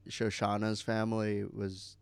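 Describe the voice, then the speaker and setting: A man's voice: on the low side, little pitch movement, unhurried, gravelly, smooth, no echo. A man co-hosting a podcast in casual chat, rambling with many fillers and some swearing. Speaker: podcast co-host.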